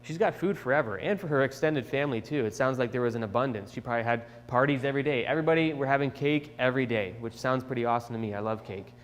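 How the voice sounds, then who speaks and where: Young male teacher, casual Bible storytelling for kids, mid pitch, echoey church. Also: fast talker, few pauses. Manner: chatty, animated retelling, with restarts. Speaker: children's lesson teacher. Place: church sanctuary.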